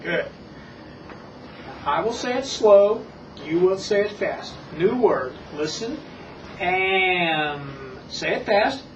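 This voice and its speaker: Demonstrating a lesson, a reading instructor coaches a small child with slow, exaggerated words and calm repetition. The middle-pitched voice comes from far off in an echoey room, captured on dull, muffled old tape with hiss.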